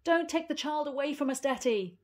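A woman's voice: high voice, brisk, pitched above the performer's own voice, natural voice. A woman voicing an anxious old grandmother in a storybook reading, calling out in a pleading, raised voice. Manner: anxious, beseeching calls.

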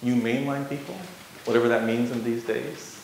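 Animated male speaker in an echoing hall. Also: medium pitch, moderate pace, creaky. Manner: animated, acts out voices, laughs through his story. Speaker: guest speaker on youth ministry. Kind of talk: storytelling address. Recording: echoey hall, faint hiss.

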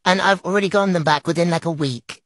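A woman giving casual, excitable gameplay commentary and tips, gushing and full of "like". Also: fairly low pitch, fast talker, dry recording. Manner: gushing, excitable, lots of fillers like "like". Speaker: game creator.

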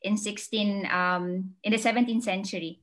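A woman speaking on an online panel over a video call, halting and full of fillers. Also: mid-range voice, steady tone, crowd noise.

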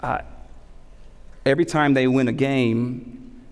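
A man in his thirties, a pastor preaching a sermon, animated and repeating key phrases for emphasis between humorous stories. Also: medium pitch, takes it slowly. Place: church sanctuary. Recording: long hall reverb.

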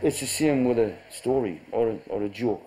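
A man speaking quickly and thoughtfully about performing. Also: mid-range voice, mellow, low-quality recording. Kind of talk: reflective chat.

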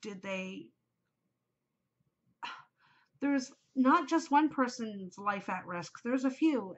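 A woman's voice: a little high, lively intonation, drawn-out words, long pauses. A middle-aged woman hosting a casual chat podcast, chatty, emotional and gushing as she talks. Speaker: podcast host. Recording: muffled lo-fi home recording.

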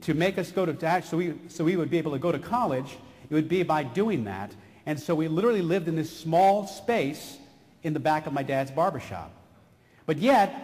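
A middle-aged man from San Antonio tells stories at a motivational keynote. His voice sits high and swings widely, and it rings out on a stage mic in a large hall with long reverb. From San Antonio, Texas. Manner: animated storyteller, slips into character voices. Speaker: keynote speaker. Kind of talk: motivational keynote speech with storytelling.

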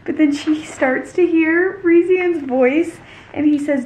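A woman's voice: high-pitched, takes it slowly, a little mellow. A woman vlogging a casual book reread, reading passages aloud and reacting to them in a chatty, gushing way full of "like". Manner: chatty and gushing, heavy use of "like".

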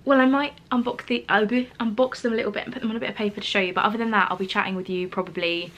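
A woman chatting in a studio vlog, excited and emotional, often laughing and dropping to soft whispers. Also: mid-range voice, rapid-fire. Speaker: small business owner vlogging. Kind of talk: casual studio vlog chat.

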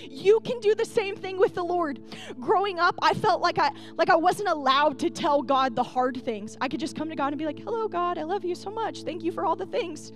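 A young woman pastor delivering a sermon, tender and earnest, building to emphatic peaks. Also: high-pitched.

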